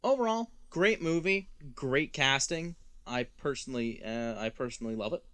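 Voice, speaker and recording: A man co-hosting a casual review chat, animated and acting out voices as he talks. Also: medium pitch, moderate pace, smooth, dry recording. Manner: animated, acts out voices and quotes. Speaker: co-host.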